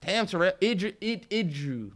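A man's voice: high-pitched, animated, normal speed, fairly bright tone. A man co-hosting a podcast, riffing in casual chat with emphatic, profane opinions. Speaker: podcast co-host.

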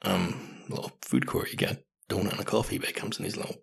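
A man in his thirties telling stories on his own podcast in a casual, self-mocking ramble, cursing freely. His voice sits fairly low, with a husky, raspy edge and a lot of gravel in it. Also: steady tone, fast talker. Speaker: podcast host. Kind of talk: casual solo podcast storytelling.

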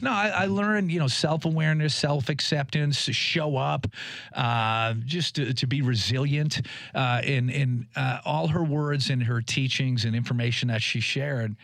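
A man's voice: mid-range voice, vocal fry, no echo, clean studio sound. A man in his fifties hosting a podcast, talking casually with frequent restarts. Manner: warm, halting, many restarts. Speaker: podcast host.

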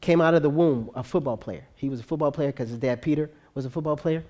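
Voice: medium pitch, fast talker. A preacher telling a story in a conversational sermon, often checking in with listeners by asking them to agree. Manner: conversational, animated, frequent tag questions.

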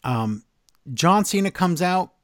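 A man co-hosts a podcast with a lively, swinging delivery. He rants in a sarcastic, exasperated tone. The mic is close and dry. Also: high-pitched, slow, no room sound. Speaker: podcast co-host. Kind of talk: casual wrestling podcast chat.

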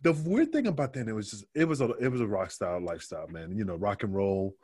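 A man's voice: lowish voice, animated, quick pace, darkish tone, breathy edge, no echo. Profane, storytelling man, very dry sound. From North America. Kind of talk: casual video-call podcast chat.

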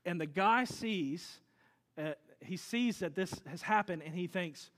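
A man preaches to his congregation. He tells stories with animated energy, swinging from loud to hushed. The sound is from a church hall with a long reverb. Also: high voice, unhurried. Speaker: pastor. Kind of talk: sermon. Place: church sanctuary.

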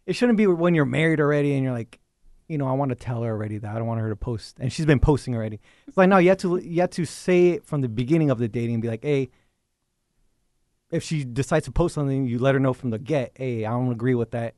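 A man hosting a podcast in casual chat, laughing often and firing quick back-and-forth questions. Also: a little high, darkish tone, dry recording, studio quality. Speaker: podcast host.

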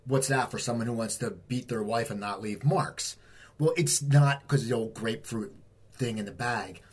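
Man, comedian, casual chat, rambling self-deprecating jokes, husky voice. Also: medium pitch, moderate pace. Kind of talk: casual conversation.

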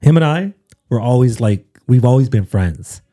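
A man with a very dark, husky voice tells a personal story as a podcast guest. He talks casually and animatedly, slipping into other people's voices. The recording is very dry and close. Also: medium pitch, moderate pace, no room sound. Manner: animated, acts out quotes, many fillers.

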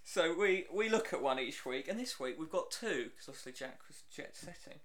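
A man's voice: on the high side, lively intonation, moderate pace, fairly bright tone. A man co-hosting a podcast, teasing his co-host and laughing often in casual banter.

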